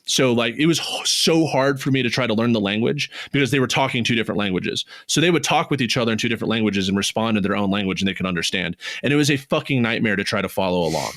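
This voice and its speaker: A man with a fairly low speaking voice co-hosts a casual podcast and tells an animated story. He swears freely and his voice jumps high with excitement. The sound is dry and close, with no room around it. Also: fast, few pauses, no echo. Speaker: podcast co-host.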